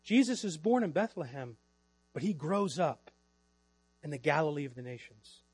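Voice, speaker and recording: A middle-aged male pastor with a fairly high voice delivers a sermon in church. He rises to loud, emphatic lines and then drops to quiet, slowed phrases. The recording is dry and close, with a faint mains hum underneath. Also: no echo. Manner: preaching with swings between loud emphasis and quiet, drawn-out lines.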